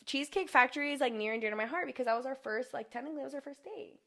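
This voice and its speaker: Young woman co-host, higher pitched, loose rambling chat full of "like"s. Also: fairly bright tone. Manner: chatty, heavy use of "like" fillers, quick laughs. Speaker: podcast co-host. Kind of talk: casual chat.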